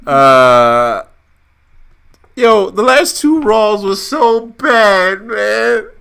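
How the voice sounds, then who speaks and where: A man co-hosting a casual wrestling podcast, animated and profane, often laughing as he rants. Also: high voice, extremely slow, vocal fry, clean tone. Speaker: podcast co-host.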